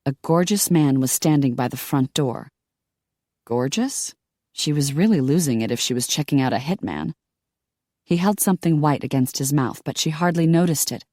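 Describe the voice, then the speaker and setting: Low-voiced woman reading an audiobook. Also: darkish tone, no room sound, studio quality. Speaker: audiobook narrator. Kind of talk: scripted audiobook narration.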